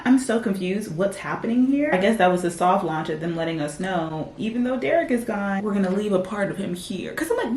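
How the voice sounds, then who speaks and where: A woman in her twenties vlogging in a casual, chatty way, often breaking into animated rants. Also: medium pitch. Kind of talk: casual vlog chat. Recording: echoey room, faint background noise.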